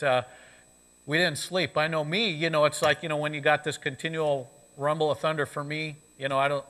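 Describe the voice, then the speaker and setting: A man's voice: fairly high pitch, sharp tone. A male pastor preaching a sermon in a conversational way, often saying "you know," in a church sanctuary. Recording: long reverb of a church sanctuary.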